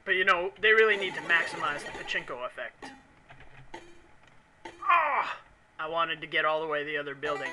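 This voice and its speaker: A man's voice: on the high side, big pitch swings, moderate pace, long pauses, pushed and bright, soft background music, poor audio. A man commenting on a video game he is playing, in rambling, mock-angry, jokey rants. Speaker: let's play commentator.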